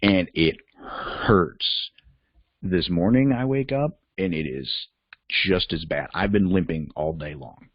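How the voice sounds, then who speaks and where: A man's voice: sits low, slow pace, no echo, dull audio. A man hosting a reflective self-help talk, candid and conversational, thinking aloud as he goes. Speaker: podcast host and life coach.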